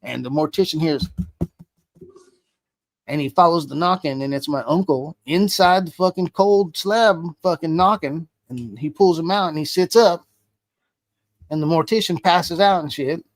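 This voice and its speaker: Brief: male guest spinning a crude yarn, high tenor voice, dead-dry mic. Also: normal speed, no room sound. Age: adult. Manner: profane, swears constantly; animated storyteller acting out dialogue. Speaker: interview guest. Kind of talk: casual storytelling.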